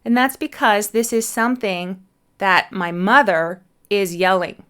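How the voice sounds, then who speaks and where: A woman teaching an English punctuation lesson, explaining each answer clearly and patiently and spelling letters out slowly. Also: medium pitch, fairly bright tone.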